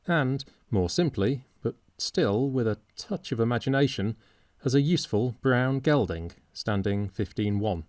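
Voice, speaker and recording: A man narrating an audiobook in a measured, wry storytelling manner. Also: fairly low pitch, darkish tone, dry recording, studio quality.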